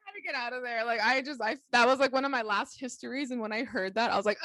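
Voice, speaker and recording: A woman's voice: on the high side, quick pace, few pauses, no echo. A woman co-hosting a podcast, telling a story in casual chat, laughing often and acting out other people's lines. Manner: animated, laughs often, acts out quotes. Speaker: podcast co-host.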